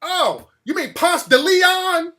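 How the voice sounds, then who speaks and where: A brash young Atlanta street guy, put on by a man, loud and slangy with a dismissive bark. His voice jumps high and sounds bright and sharp. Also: animated, a little fast, full character voice. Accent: Southern US, Atlanta.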